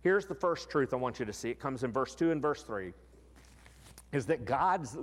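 A man preaching a sermon in an expressive way, slowing down to stress key words. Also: medium pitch, in a large hall. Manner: expressive, slows down for emphasis.

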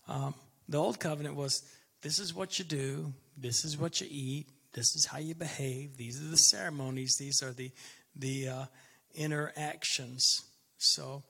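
A man's voice: fairly high pitch, vocal fry, bright, forceful tone, slightly rough. A man giving a conversational sermon as a pastor, emphatic and fond of repeating his key phrases.

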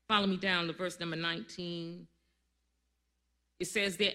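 A pastor preaching a sermon to a congregation, calling on people to answer back and building up to loud, emphatic lines. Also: mid-range voice, level tone, moderate pace, pauses often. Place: church service before a congregation.

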